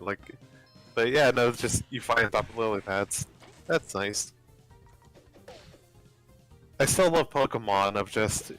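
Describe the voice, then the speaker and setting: A man's voice: mid-range voice, a bit bright, rough recording. Chatty man hosting a let's play. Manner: laughing, rambling, chatty. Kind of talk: casual gaming chat.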